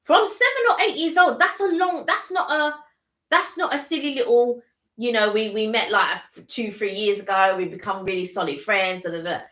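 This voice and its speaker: A woman's voice: on the high side, normal speed, fairly bright tone, roomy sound. An English woman co-hosting a casual live-stream chat, talking in rambling runs that restart and trail off. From England. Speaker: co-host.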